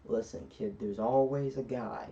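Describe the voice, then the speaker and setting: A brash, breezy male genie tosses out rules and jokes, put on by a man retelling a film. The voice sounds mellow and set back from the mic. The recording is dull and lo-fi. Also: mid-range voice, steady tone, a little slow, creaky, recorded from a distance.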